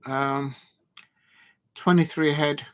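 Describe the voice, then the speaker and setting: Brief: male stream host, fairly high voice, rambling self-deprecating live match commentary. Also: steady tone. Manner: chatty and rambling, self-deprecating, with frequent filler pauses. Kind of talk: casual live snooker commentary.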